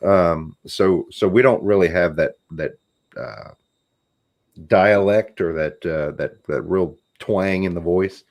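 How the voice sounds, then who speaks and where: A man's voice: low voice, slow, a little mellow. A man with a southwest Louisiana accent, a guest explaining things in a friendly, casual interview.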